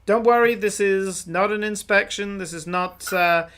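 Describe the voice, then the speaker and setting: Man playing a pompous half-elf guard, self-important, long-winded, higher voice. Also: unhurried, fairly bright tone, smooth. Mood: officious. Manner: long-winded, full of hesitations.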